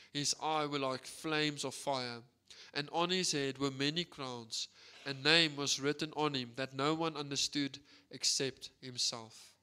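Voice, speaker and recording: South African preacher, energetic storyteller, bright clear voice. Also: male voice, mid-range voice, takes it slowly. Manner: energetic, animated storytelling with frequent "right?". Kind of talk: sermon.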